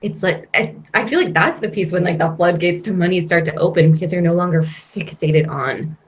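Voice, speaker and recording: A woman guest coach talking in a casual podcast interview, expressive and rambling, laughing often. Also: fairly low pitch, brisk, dull audio.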